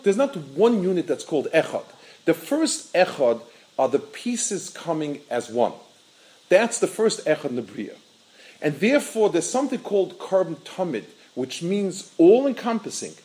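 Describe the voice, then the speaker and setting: Animated man giving a Torah talk. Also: on the high side, low-quality recording. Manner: halting, repeats words while searching for phrasing; chants Hebrew verses then translates them. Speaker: rabbi. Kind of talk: Torah lecture.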